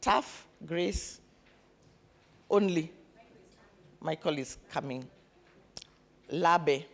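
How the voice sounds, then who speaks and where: A woman's voice: low voice, drawn-out words, creaky. Lady coach hyping up a room full of people, counting who showed up, lots of energy. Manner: animated, calls on the audience to repeat words, counts attendees. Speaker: coach leading a summit session. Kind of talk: lively live event hosting. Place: conference room with an audience.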